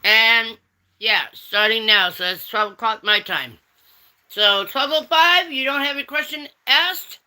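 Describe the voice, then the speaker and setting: A woman's voice: a little high, a little slow, pushed and bright. A woman hosting a casual livestream, reading chat and teasing viewers with pet names like honey and darling.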